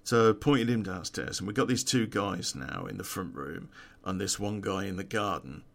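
Low gravelly man telling a story. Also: lively intonation, normal speed. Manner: profane, laughing at his own story. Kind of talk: casual true-crime storytelling.

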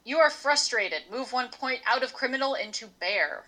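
A woman's voice: a little high, lively intonation, moderate pace, pushed and bright. A woman narrating as game master of a tabletop role-playing game, playful and swearing casually.

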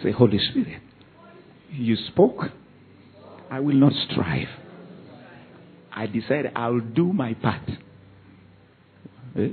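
A male pastor preaching a sermon, leading the congregation in call-and-response and swinging from loud exhortation to quiet asides. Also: mid-range voice, lively intonation, slow, long pauses. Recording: phone-like narrow band.

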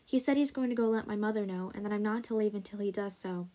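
A woman's voice: fast talker, lightly acted. A woman voicing a hopeful, cheerful young female hybrid dragon in a read-aloud storybook, raised and eager. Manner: eager and bright, rises higher.

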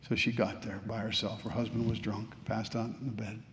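A man preaching a sermon, telling a story dramatically and swinging between hushed and fervent delivery. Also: lowish voice, little pitch movement, a little fast, a little hiss or hum. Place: church sanctuary. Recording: long reverb of a large church.

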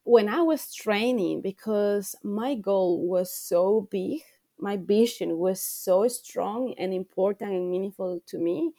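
A woman's voice: mid-range voice, takes it slowly, warm tone, no room sound, studio quality. A woman coach speaking as a podcast guest, earnest and reflective, repeating phrases for emphasis. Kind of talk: podcast interview.

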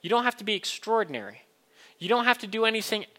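Bright, high-voiced male preacher. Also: lively intonation, fast. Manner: earnest, building to emphatic questions. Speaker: pastor. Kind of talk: sermon.

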